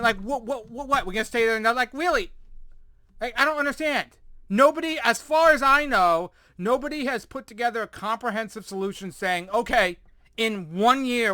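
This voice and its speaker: A man delivers a sarcastic, exasperated rant, full of swearing, sighs and frustrated repetition. His voice sits high and sounds bright and forceful. The recording is dry, with no room sound. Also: clean tone, no room sound. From United States. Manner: sighs often, repeats words in frustration. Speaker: commentator reacting to news articles. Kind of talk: ranting commentary.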